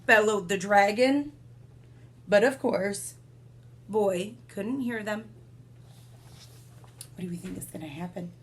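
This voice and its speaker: A woman's voice: mid-range voice, slow pace, pauses often. A woman reading a picture book aloud, with sound effects and little asides to her listeners. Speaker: storyteller.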